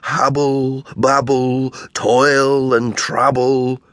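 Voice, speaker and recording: Man voicing a cheeky teen boy, higher pitch, teasing, storybook. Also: big pitch swings, takes it slowly, sharp tone, no echo, clean studio sound, exaggerated voice. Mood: mock-spooky. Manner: teasing, mock-spooky. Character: cheeky teenage boy skateboarder, ringleader.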